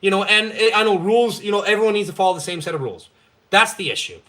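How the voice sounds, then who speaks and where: A man's voice: high voice, animated, quick pace, sharp tone. A young man from Canada hosting a live stream, ranting in a blunt, profane, fired-up way. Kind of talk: ranting casual chat.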